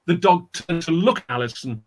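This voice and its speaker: A man's voice: a little high, brisk. A man telling a dramatic folk tale as a guest storyteller, acting out the characters' voices. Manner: animated, acts out characters' voices.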